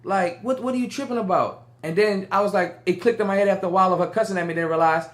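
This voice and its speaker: A young man with a high voice talks rapid-fire with few pauses, co-hosting a podcast and telling a story in casual chat. He's animated, acting out the voices of the people he quotes.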